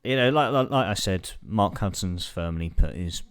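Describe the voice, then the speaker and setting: Deep smooth-voiced man chatting football. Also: animated, normal speed. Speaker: podcast co-host. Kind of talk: casual football chat.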